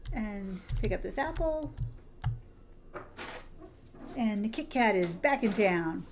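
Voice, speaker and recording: A woman's voice: mid-range voice, takes it slowly, pauses often, a little hiss or hum. A woman streaming a game, chatting casually and affectionately with her viewers, calling them sweetie and hon. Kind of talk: casual livestream chat while playing.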